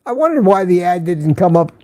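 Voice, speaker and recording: A man's voice: sits high, sing-song, fairly quick, darkish tone, dry recording. An older man hosting a casual morning live stream, chatting and greeting viewers by name with frequent laughs.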